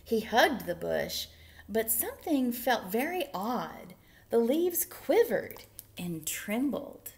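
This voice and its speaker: A woman who is a children's librarian, reading picture books aloud in an animated, sing-song way that often drops into whispers. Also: on the high side, takes it slowly, vocal fry. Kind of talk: storytime read-aloud.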